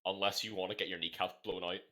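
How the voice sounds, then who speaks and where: Animated man from the United Kingdom. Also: deep voice, fast talker. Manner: animated, swearing, laughs a lot. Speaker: podcast participant. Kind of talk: casual online group chat.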